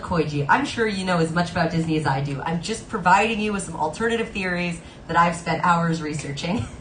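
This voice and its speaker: A woman's voice: fairly low pitch, a bit bright, a little hiss or hum. A woman hosting a live stream, chatting playfully between songs and laughing often as she tells stories. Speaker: livestream singer and host. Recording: roomy sound with guitar playing behind.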